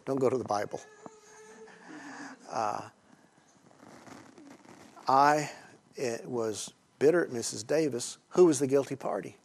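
A man preaching to a group in a storytelling sermon, conversational and halting, with many pauses and fillers, swinging between hushed and loud emphasis. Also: medium pitch, gravelly, slight background noise. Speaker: Christian teacher speaking to a group.

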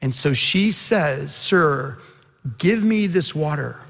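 A man preaching a sermon, retelling a scripture story with earnest intensity. His voice sits a little high and has a gravelly edge. It carries a long reverb, as from a large hall. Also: animated, takes it slowly, a bit bright. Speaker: pastor.

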